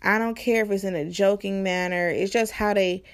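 Profane, animated young woman storyteller. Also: medium pitch, normal speed. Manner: profane, animated, exasperated retelling. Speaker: vlogger. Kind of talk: casual storytime monologue.

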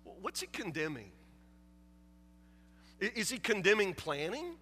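High, bright-voiced stammering preacher man. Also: big pitch swings, measured pace, in a large hall, a little hiss or hum. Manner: stammering repetitions, rhetorical questions, conversational asides. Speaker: pastor. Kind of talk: sermon. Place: church sanctuary.

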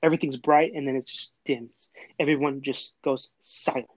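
A man's voice: medium pitch, fairly even intonation, normal speed, darkish tone, no room sound, rough recording. A young man from Texas, hosting a casual chat and telling a long, rambling story full of fillers and restarts. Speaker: host.

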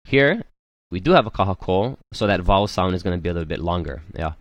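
A deep-voiced man teaches a language class, slowly and carefully modelling vowel sounds aloud and checking in with students, often adding "right?" and "um." His delivery is animated, and the lo-fi recording has no echo.

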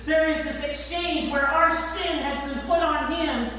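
A high-voiced woman pastor preaches slowly and emphatically, drawing out the ends of her lines. She is recorded from a distance in a large church hall, with a long, echoing reverb and faint room noise behind her. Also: fairly bright tone. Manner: slow, emphatic preaching with drawn-out endings. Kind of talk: sermon. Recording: echoey church hall from far off.

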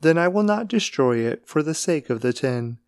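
A man reading the lines of a calm, patient divine figure in a scripture reading. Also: fairly high pitch, normal speed, clean tone, dry recording, clean studio sound.

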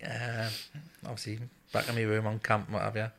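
A man's voice: lowish voice, completely flat delivery, moderate pace, creaky, fairly bright tone, a little hiss or hum. A man telling a story from his service days in a podcast chat, blunt and swearing freely, often laughing as he talks. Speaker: guest, former RAF serviceman.

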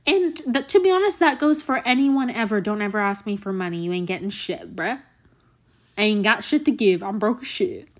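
A woman's voice: medium pitch, lively intonation, normal speed. A young woman host in a put-on mock Southern accent, telling a profane, exasperated comedic story on a solo podcast. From Canada.

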